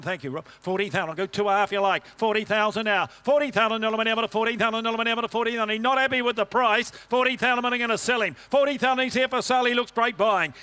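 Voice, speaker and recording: A high-pitched man calls bids in a rapid auction chant. His voice is bright and crisp as it rolls the numbers over and over. Between calls he throws quick joking remarks to the bidders. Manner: rhythmic rolling bid calls, joking asides to bidders.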